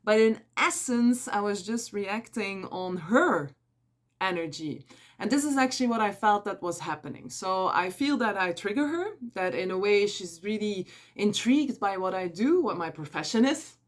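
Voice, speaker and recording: A woman's voice: medium pitch, normal speed. Candid Flemish-accented woman storyteller. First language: Dutch. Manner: candid and animated, acting out quotes, laughing often. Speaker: energy advisor. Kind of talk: casual storytelling vlog.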